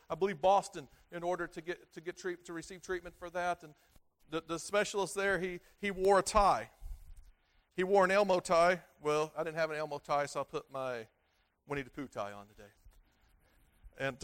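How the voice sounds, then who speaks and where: A middle-aged man preaching a sermon as pastor, halting and repeating words, rising loud for emphasis and dropping low at phrase ends.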